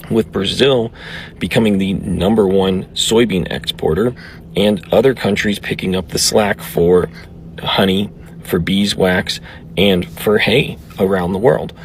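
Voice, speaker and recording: A man narrating farm news in a steady, explanatory way. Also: deep voice, a little slow, slight background noise.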